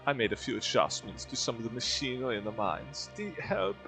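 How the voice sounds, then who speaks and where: A man plays a kindly older inventor with a put-on German accent, formal and earnest in a mid-pitched voice. Quiet game music plays behind him. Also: big pitch swings, a little fast. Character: kindly, self-important older male inventor.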